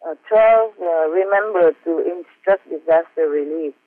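A man reads aloud from his personal diary, halting and earnest, with frequent pauses and fillers. His voice sits somewhat high and is recorded close and dry, with no room sound around it. The audio is thin and tinny, as if coming down a phone line. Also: dry recording. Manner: halting, hesitant, with frequent fillers and self-mocking laughs; earnest, heartfelt.

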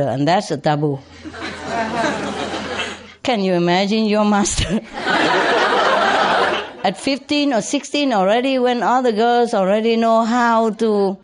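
An older woman whose first language is Vietnamese, a spiritual teacher telling life stories to followers in a chatty way, laughing often and pausing with many fillers. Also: mid-range voice. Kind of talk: storytelling talk to followers.

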